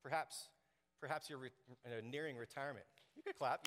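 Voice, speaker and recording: A man preaching a sermon to his congregation, animated and joking, acting out quoted voices. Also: a little high, quick pace, noisy background. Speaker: pastor. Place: church sanctuary. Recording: long hall reverb.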